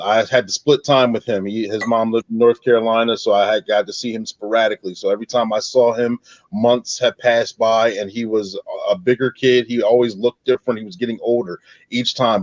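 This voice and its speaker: A man's voice: lowish voice, fairly even intonation, brisk, dry recording. A man hosting a podcast panel, a supportive listener who chimes in with short affirmations. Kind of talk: casual panel discussion. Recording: slightly dull dry audio.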